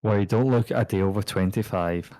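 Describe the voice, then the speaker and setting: A man playing a tabletop game, teasing the game master in a deadpan way. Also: lowish voice, brisk, no echo. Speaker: player.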